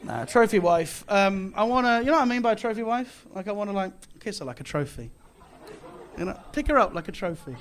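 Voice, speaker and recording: A man's voice: sits high, lively intonation, brisk. A British man performing a stand-up comedy set in a club, with boastful mock bravado and self-mocking delivery. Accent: British English. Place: comedy club, live audience. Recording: live club with audience laughter.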